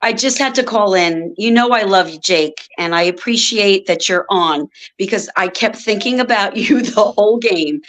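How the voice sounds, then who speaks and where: A woman's voice: mid-range voice, moderate pace, few pauses, a bit bright, rough recording. Nervous, emotional female caller. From North Carolina. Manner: emotional, nervous, swears when angry. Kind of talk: phone-in call.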